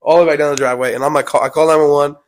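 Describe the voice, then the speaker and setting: A man's voice: on the high side, steady tone, racing. A young man telling a personal story in a casual vlog. He rambles and keeps repeating "I was like.". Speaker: vlog co-host.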